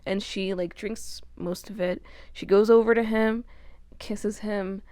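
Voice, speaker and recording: A woman's voice: medium pitch, fairly even intonation, a little slow, mellow, no room sound, clean studio sound. A young woman giving a casual, chatty book recap, swearing and laughing often. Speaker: book reviewer.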